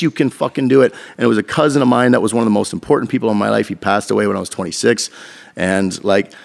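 Brief: man on a casual podcast, rapid and profane storyteller, gravelly edge. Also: medium pitch. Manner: profane, animated storytelling with quoted dialogue.

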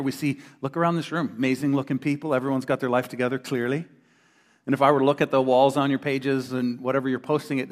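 A middle-aged man preaching a sermon to a congregation in a church hall, an animated storyteller who acts out the voices of the people he quotes. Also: medium pitch. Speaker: pastor. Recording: long reverb of a large hall.

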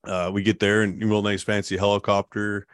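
A man guest telling his story in a casual interview, rambling and relaxed, with lots of fillers and laughs. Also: lowish voice, normal speed, clear, resonant tone, dry recording, studio quality.

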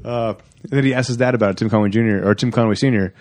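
A man's voice: lowish voice, racing, darkish tone. Laughing man co-hosting a movie podcast. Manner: jokey, laughs often, teasing. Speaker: podcast co-host. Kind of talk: casual movie podcast chat.

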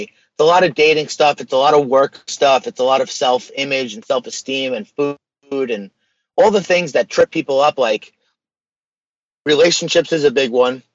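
A man speaking as a podcast guest in casual, earnest conversation, animated and loose with slang. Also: medium pitch, no echo, muffled recording.

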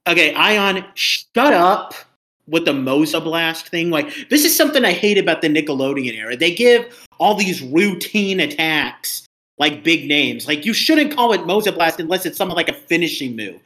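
Bright-voiced man ranting on a podcast. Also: fairly high pitch, big pitch swings, moderate pace. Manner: ranting, exasperated. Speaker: podcast co-host. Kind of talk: casual review chat.

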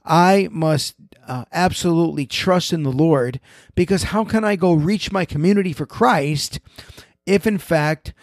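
Man, pastor, religious commentary, emphatic, question-led teaching, fairly high voice, dry close sound. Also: a little slow, dry recording. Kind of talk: religious commentary, reading scripture.

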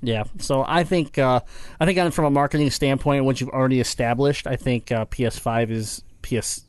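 A man hosting a casual gaming podcast, talking in a relaxed, rambling way with plenty of fillers and restarts. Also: mid-range voice, brisk, smooth, no echo. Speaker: podcast host.

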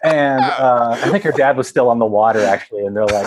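A man's voice: mid-range voice, fairly quick, a little hiss or hum. A man casually telling a long story, rambling with many fillers and laughing as he goes. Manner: rambling, laughs often, acts out voices of others.

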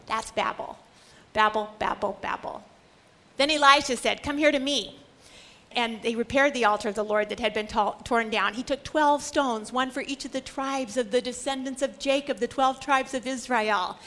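A woman's voice: a little high, normal speed, bright, forceful tone. A woman Bible teacher giving a scripture lecture, retelling stories with dramatic, emphatic storytelling.

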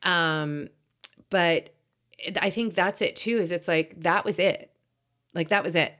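A woman's voice: lowish voice, a little slow, fairly bright tone. A woman in her forties co-hosting a casual chat, talking in a candid, reflective way and swearing casually. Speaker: podcast co-host.

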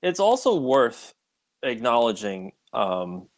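Animated man co-hosting talk radio. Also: medium pitch, slow pace. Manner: animated, teasing, laughs often. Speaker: co-host. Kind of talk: casual talk radio chat.

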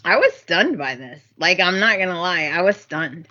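A woman's voice: fairly low pitch, animated, moderate pace, sharp tone, dull audio. A woman co-hosting a podcast, retelling soap opera scenes in emphatic casual chat. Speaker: podcast co-host.

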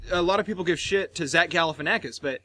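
Guy with a high voice chatting on a podcast, animated, swears a lot, faint clicks behind. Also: fast, a little hiss or hum. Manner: animated, swearing, mimics accents while retelling. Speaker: podcast co-host. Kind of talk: casual chat.

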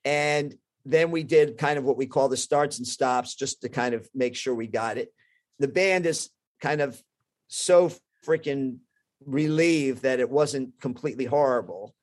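A middle-aged man, a surgeon guest, telling an animated story with frequent restarts. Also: mid-range voice, measured pace. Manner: lively anecdote-telling with many restarts and quoted voices.

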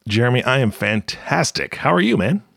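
Gravelly, relaxed male producer. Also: medium pitch, moderate pace. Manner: relaxed and easygoing. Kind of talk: casual chat.

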